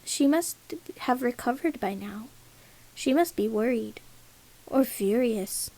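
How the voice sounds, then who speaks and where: A woman's voice: on the high side, lively intonation, slow, mellow, heavily acted, rough recording. A woman voicing a small, worried young sun bird who pleads hesitantly with her siblings. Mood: uneasy.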